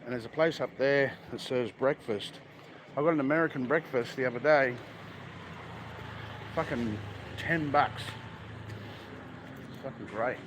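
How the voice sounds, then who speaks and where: A blunt, foul-mouthed Australian man with an Australian accent chats casually on a live stream as he walks. His voice sits at an ordinary pitch. Loud traffic and street noise run under everything, as if caught on a handheld phone. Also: unhurried, pauses often. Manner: blunt, crude, swears heavily. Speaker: travel vlogger. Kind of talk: casual live-stream chat while walking. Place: busy street outdoors, by the beach. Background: traffic and street ambience.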